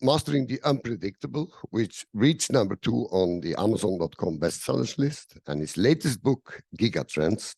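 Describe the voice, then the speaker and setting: A man's voice: lowish voice, vocal fry, a little mellow, no room sound. A man chairing a session, reading out a speaker's bio with small slips and restarts.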